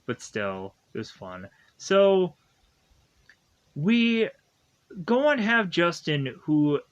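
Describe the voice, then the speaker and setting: A man's voice: fairly high pitch, fairly bright tone, smooth, muffled recording. A young man casually recapping a show episode, rambling with lots of "like" fillers and frequent chuckles.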